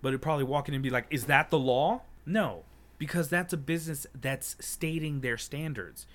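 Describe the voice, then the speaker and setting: A man's voice: on the high side, brisk. Fired-up young man ranting on a podcast. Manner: heated, profane storytelling, acting out his own retorts. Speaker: podcast co-host. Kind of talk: casual podcast chat.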